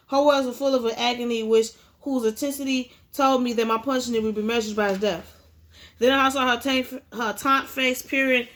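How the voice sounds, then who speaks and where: A woman with a fairly high voice reading a memoir aloud. Her delivery is unpolished, with frequent stumbles and restarts. It sounds like a casual home read-aloud rather than a professional narration. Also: a bit bright. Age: adult with a child. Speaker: audiobook reader.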